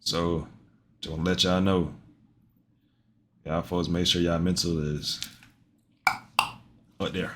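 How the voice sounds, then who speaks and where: A man with a low voice talks to his stream viewers in a loose, rambling way. He jokes, swears freely and circles back to the same lines. A faint hiss sits under the sound. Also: level tone, slow pace, pauses often. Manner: loose, joking and profane, repeats himself. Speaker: streamer reacting to a video. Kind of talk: casual live-stream commentary.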